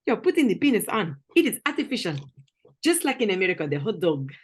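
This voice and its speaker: A woman's voice: medium pitch, big pitch swings, fast, husky, pitched above the performer's own voice. A woman voicing a pushy, mocking female interrogator with an exaggerated foreign accent and broken English.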